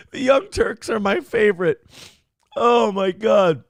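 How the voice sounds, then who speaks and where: A man's voice: high voice, big pitch swings, slow pace, dry recording, clean studio sound. A male show host giving crude, mocking casual commentary on video clips and laughing often.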